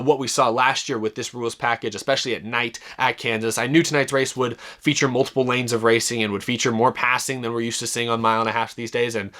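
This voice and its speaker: A young man talks through a race on his own in a loose, casual way, full of enthusiasm and quick restarts. His voice sits at an ordinary middle pitch, and he gets animated as he goes. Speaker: racing commentary host. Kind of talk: casual solo race review.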